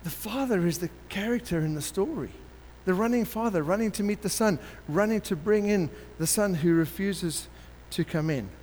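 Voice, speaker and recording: A man preaches a sermon with animated storytelling and slips into the characters as he tells it. His voice sits a little high for a man. It carries a long reverb, with faint noise behind it. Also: normal speed, hardly any pauses.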